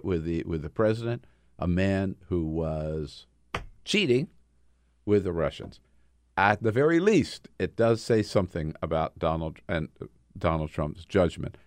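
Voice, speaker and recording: Lively, emphatic talk-radio host man. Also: deep voice, dry recording, clean studio sound. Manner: emphatic, indignant storytelling. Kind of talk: political talk radio commentary.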